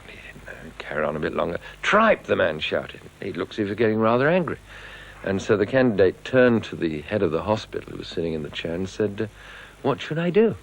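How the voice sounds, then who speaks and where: A man's voice: low voice, animated, fast talker, creaky, rough recording. A man telling a humorous political anecdote, dry and building to a punchline. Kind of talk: storytelling anecdote.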